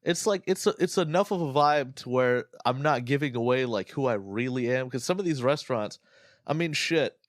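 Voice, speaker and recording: A man's voice: medium pitch, expressive, normal speed, dry recording, clean studio sound. A man co-hosting a podcast, rambling and joking crudely in casual comedic chat. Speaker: podcast co-host.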